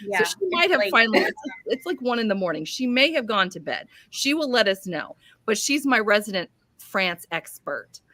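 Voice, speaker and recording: A woman's voice: fairly high pitch, very animated, brisk, hardly any pauses, bright, forceful tone, no echo. A woman hosting a live book chat, bubbly and gushing, laughing often. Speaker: book channel host. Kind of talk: live-stream casual chat.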